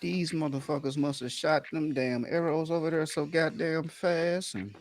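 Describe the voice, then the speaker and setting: A man's voice: fairly high pitch, fairly even intonation, normal speed, soft background music. A man co-hosting a podcast, telling a story in a laid-back way, laughing through it and swearing often. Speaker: podcast co-host. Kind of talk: casual podcast chat.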